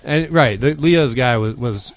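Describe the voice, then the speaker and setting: A man's voice: medium pitch, unhurried, no room sound. A man co-hosting a podcast, chatting casually and rambling with fillers. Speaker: podcast co-host. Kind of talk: casual chat.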